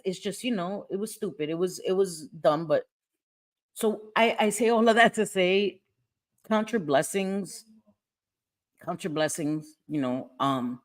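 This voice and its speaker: Woman, middle-aged, crying, apologetic, repeats phrases, livestream host. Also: low-pitched. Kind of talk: emotional personal livestream.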